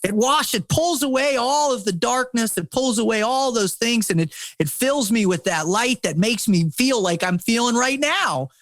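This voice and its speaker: A man's voice: very high-pitched, animated, normal speed, few pauses, a bit bright, no echo. A middle-aged man, a podcast guest and former Navy SEAL, talking in an intense, preachy way with lots of swearing, repeated words and "man.". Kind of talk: impassioned casual conversation.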